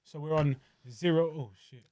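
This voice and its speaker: A man's voice: fairly high pitch, normal speed, crowd noise. A man co-hosting a podcast, bantering casually and talking with his mouth full. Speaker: podcast co-host. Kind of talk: casual banter during an eating challenge.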